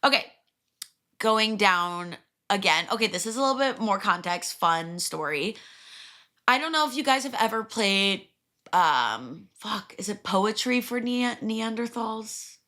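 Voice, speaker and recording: A young woman hosting a podcast, talking casually and crudely with quick asides and frequent laughs. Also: mid-range voice. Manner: chatty and crude, laughs often, lively asides. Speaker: podcast host. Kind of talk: casual solo podcast chat.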